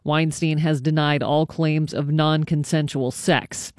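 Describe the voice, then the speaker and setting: A woman reading the news on a radio show in a measured, formal way. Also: low voice, fairly even intonation, a little mellow, no echo, clean studio sound. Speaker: newsreader. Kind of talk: radio newscast.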